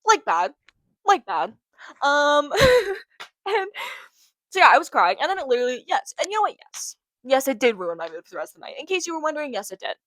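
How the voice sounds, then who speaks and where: A woman's voice: high-pitched, very animated, fast talker, fairly bright tone, dry recording, poor audio. Young woman, solo podcast host, emotional rambling talk, repeats herself, dry close sound. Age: young adult. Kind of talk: casual solo podcast monologue.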